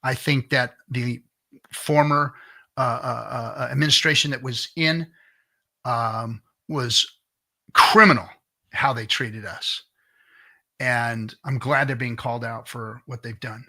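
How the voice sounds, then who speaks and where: A man's voice: medium pitch, steady tone, slow pace, vocal fry, sharp tone. A middle-aged man hosting a casual livestream, ranting bluntly with lots of swearing and restarts, reading chat comments. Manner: blunt, profane, restarts often.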